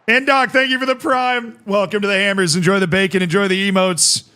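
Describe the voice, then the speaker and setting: A man streaming a football management game live, reacting excitably to the match and joking with his chat. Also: high voice, a little fast, clean tone. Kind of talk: live gameplay commentary.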